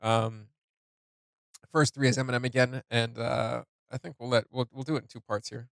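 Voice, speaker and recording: A tearful man hosting a song reaction, talking in a halting, emotional way as he comments on what he hears. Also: mid-range voice, little pitch movement, gravelly, a bit bright, no echo. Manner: halting, emotional, thinking aloud. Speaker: music reaction host.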